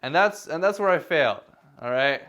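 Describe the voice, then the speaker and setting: An animated man with a sharp-toned voice on the high side talks at a moderate pace in a casual advice vlog to camera. He mocks himself lightly, chuckles now and then, and fills his talk with fillers and restarts.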